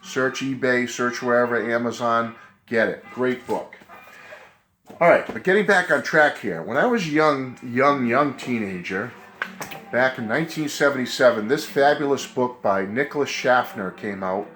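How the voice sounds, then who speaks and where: Fifties New England man, recovering from a cold, mid-pitched, rambling collector chat, faint music behind. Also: lively intonation, normal speed, fairly bright tone. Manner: rambling, enthusiastic, self-correcting. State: getting over a cold. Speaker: collector vlogger. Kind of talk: casual chat to camera.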